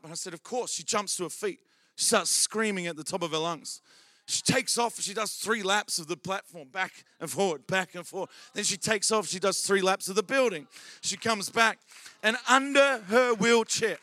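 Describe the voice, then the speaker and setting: A man preaching a sermon as pastor, telling a story with humorous asides and building to loud calls to the church. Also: high voice, normal speed, no echo, clean studio sound.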